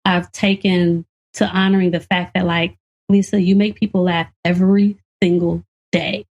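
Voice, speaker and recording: A woman's voice: lowish voice, moderate pace, lo-fi sound. A woman in her thirties, a comedian and actor, talking casually on a podcast and laughing often as she tells stories. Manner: laughs often, animated storytelling.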